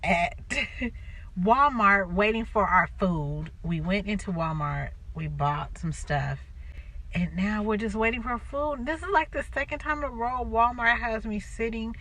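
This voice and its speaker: A woman's voice: mid-range voice, a little slow, a bit bright. A woman chatting casually to her vlog audience in a rambling, easygoing way, partly from a parked car. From Southern California. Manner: chatty, rambling, exasperated asides. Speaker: vlogger.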